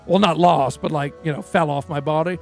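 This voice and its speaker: A man's voice: fairly high pitch, steady tone, fairly quick, vocal fry, faint music behind. A man playing a crude, boastful rock singer in a roleplay game, telling a rambling story full of fillers. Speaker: roleplay character. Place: game stream from a dry studio.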